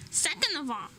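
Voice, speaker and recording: A woman's voice: bright, forceful tone, slight background noise, low-quality recording. A woman streamer chatting casually while she draws, laughing between almost every phrase. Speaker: streamer and illustrator.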